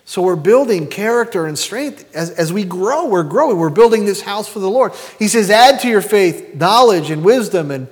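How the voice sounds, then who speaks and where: A man in his fifties delivers a sermon in a fairly high voice, pressing the congregation with rhetorical questions. His voice rings out with a long reverb, as in a large church hall. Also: expressive, moderate pace, hardly any pauses. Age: 50s. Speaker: pastor.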